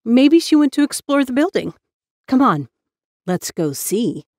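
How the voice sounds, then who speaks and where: A woman's voice: mid-range voice, lively intonation, measured pace, a little mellow, breathy edge, no room sound, clean studio sound. A woman voicing a mean-spirited young girl in a spoken storybook, with a teasing, dismissive manner. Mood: sly.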